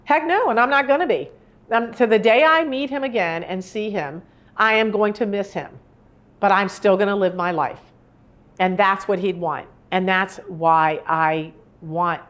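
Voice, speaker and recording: A woman in her sixties talks to a live audience in an earnest, conversational way. She rambles and restarts her sentences as she goes. Her voice sits at an ordinary middle pitch for a woman. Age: 60s. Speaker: grief speaker. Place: indoor room with a live audience.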